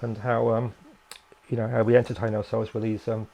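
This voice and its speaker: A man's voice: on the low side, little pitch movement, fairly quick, creaky, mellow. An older man from England, a guest in a casual interview, who rambles and hesitates with many fillers and restarts.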